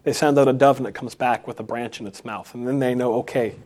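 A man preaching an unscripted sermon, halting often and restarting phrases, then rising for emphasis. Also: medium pitch, fairly even intonation, a little mellow.

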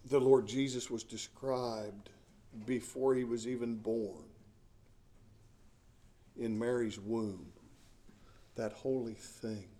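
A middle-aged male pastor delivers a sermon at an unhurried, deliberate pace. His voice is mellow and warm, set at an ordinary male pitch. He preaches earnestly, leaning on key words and circling back on phrases as he builds his point. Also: steady tone. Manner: earnest, emphatic preaching with repeated words and restarts.

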